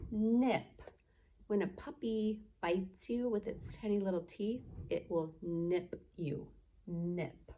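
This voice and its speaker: Slow, gravelly woman teaching phonics. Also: mid-range voice. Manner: slow, sounding out letters and blending words; gentle, encouraging teacher talk to young kids. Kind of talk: early-reading phonics lesson for children.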